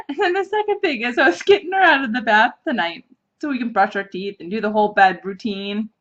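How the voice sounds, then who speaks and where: A woman in her thirties hosts a casual podcast, her voice sitting a little high. She tells everyday stories in an animated, chatty way and breaks into laughter often. The recording is dull and lo-fi. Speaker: podcast host. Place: office.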